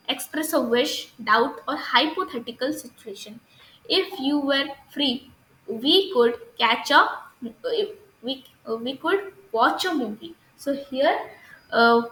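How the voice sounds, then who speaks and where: Indian English woman, grammar teacher, halting delivery, sharp bright tone. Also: high-pitched, expressive, reverberant, rough recording. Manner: hesitant, many fillers and restarts, asks "understood?". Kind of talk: recorded grammar lesson.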